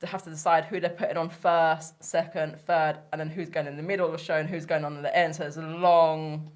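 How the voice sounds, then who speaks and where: A woman's voice: low-pitched, little pitch movement, brisk. A woman, a guest chatting casually in a frank, blunt way and laughing easily. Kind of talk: casual chat.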